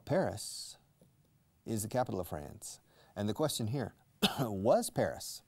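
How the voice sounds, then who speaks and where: A low, gravelly male voice with a mellow, dark tone. He teaches English in an unhurried, chatty way. He repeats key words and keeps asking his learners questions. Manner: explains slowly, repeats words, switches to Spanish for learners. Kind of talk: casual language lesson.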